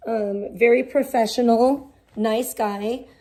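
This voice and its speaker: A woman's voice: on the high side, slow. A young woman livestreaming from her garage, rambling and swearing heavily in casual chat. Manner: heavy swearing, rambling and animated. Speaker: livestream host. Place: garage at home.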